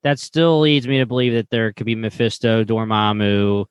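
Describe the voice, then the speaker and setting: A man's voice: fairly low pitch, moderate pace, clear, resonant tone, dry recording. A man co-hosting a casual podcast, chatty and thinking aloud. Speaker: podcast co-host. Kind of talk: casual chat.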